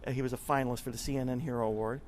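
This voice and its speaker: A man's voice: medium pitch, fairly even intonation, racing, darkish tone, slight background noise. A man guest in an interview, telling stories in an earnest, conversational way and often repeating words as he talks. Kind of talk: conversational storytelling.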